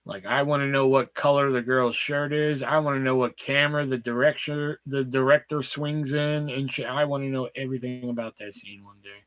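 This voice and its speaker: A man's voice: medium pitch, fairly even intonation, normal speed, few pauses, fairly bright tone. A man hosting a casual trivia night stream, joking and swearing freely with friends. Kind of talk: casual chat over a trivia game.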